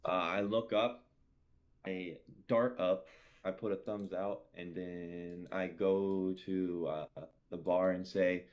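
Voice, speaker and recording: A man playing a character in a tabletop role-playing game, describing his actions in a playful, animated way. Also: sits low, takes it slowly. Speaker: player.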